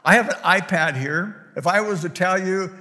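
A man's voice: high voice, normal speed, bright, forceful tone. An older male pastor preaching a sermon in a church, rambling and folksy, with plenty of fillers and restarts. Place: church sanctuary. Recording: long hall reverb.

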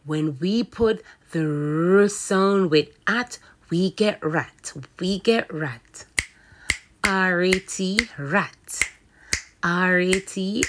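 A woman's voice: fairly low pitch, background noise. A woman with a Jamaican accent teaching a children's phonics lesson, sounding out letters and words in a sing-song way.

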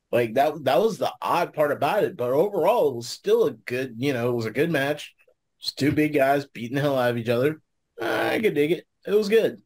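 A man with a slightly high, lively voice, giving his take in easygoing conversation. He sounds relaxed and chatty. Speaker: podcast panelist. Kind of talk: casual podcast review chat.

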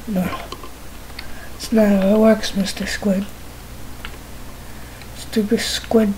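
A woman's voice: medium pitch, little pitch movement, slow pace, pauses often, a little mellow, slight background noise, poor audio. A woman giving casual gameplay commentary, mumbling and playfully talking to herself as she plays. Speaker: gamer.

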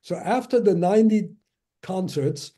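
A man in his nineties from Germany, giving a lecture as a string of anecdotes, halting with many fillers and restarts and chuckling as he tells them. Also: high voice, mellow. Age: 90s. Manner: chuckles while recounting stories.

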